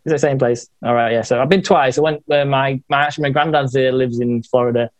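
A man's voice: mid-range voice, fairly even intonation, fast talker, no room sound. A young man from Yorkshire with a northern English accent, chatting casually and hesitantly, full of fillers and small laughs. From England, Yorkshire. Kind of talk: casual chat.

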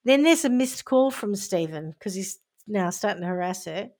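A woman's voice: mid-range voice, animated, moderate pace, a little mellow. A woman co-hosting a podcast, telling a story in a cheeky, laughing way. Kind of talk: casual storytelling chat.

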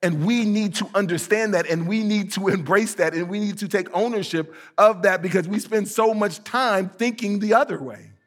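Man preaching, light high voice, chatty and emphatic, plays out little voices. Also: moderate pace, few pauses. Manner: conversational, animated, rising to emphatic peaks on scripture; acts out quoted voices for comic effect. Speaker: pastor. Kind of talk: sermon.

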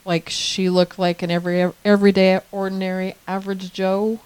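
A middle-aged woman co-hosting a casual podcast, animated and quick to laugh. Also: medium pitch, smooth, no echo. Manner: animated, laughs often, acts out her own thoughts. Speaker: podcast co-host. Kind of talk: casual chat.

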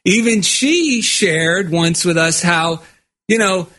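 A man's voice: sits high, expressive, slow pace, sharp tone. A man co-hosting a podcast, an author telling rambling anecdotes in casual conversation, with frequent restarts.

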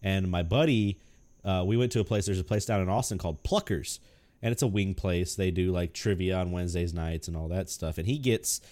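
A man in casual chat who laughs often, swears and reacts loudly while telling his own story. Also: low-pitched, a little fast.

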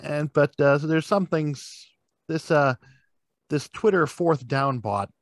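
A man's voice: fairly high pitch, slow, dry recording. A man on a casual sports podcast, giving dry, joking takes. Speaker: podcast co-host.

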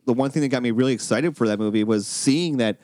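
Casual male podcast co-host, rambling and quick to laugh, dry close sound, mid pitch. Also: warm tone, no room sound. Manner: rambling, laughs often, acts out quotes. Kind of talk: casual chat.

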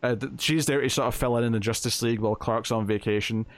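A man of middling pitch chats through a comic book story as a podcast co-host, stringing the plot together with "uh" and "like" and acting out quoted lines in passing. His voice sits close and dry on the mic, with no room sound around it. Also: fairly even intonation, fast talker, no room sound. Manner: chatty, retelling plot with quoted lines and filler. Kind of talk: casual comic book review chat.

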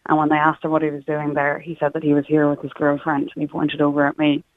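A woman's voice: sits low, monotone, quick pace, a little hiss or hum. A young woman from Sligo with an Irish accent, a radio guest telling a personal story in an earnest, matter-of-fact way. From Ireland, Sligo. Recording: tinny phone line.

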